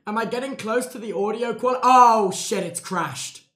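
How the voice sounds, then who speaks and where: A man's voice: high voice, normal speed, a bit bright, slightly rough. A man casually commentating a live event on stream, joking and swearing about technical mishaps.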